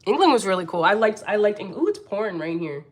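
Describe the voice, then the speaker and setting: A woman's voice: medium pitch, sing-song, fast. A woman from Philadelphia with a Philadelphia accent, chatting on a livestream as host, blunt and profane, laughing often as she reads comments. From Philadelphia, United States. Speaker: livestream host, angel medium. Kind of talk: casual livestream chat reading comments.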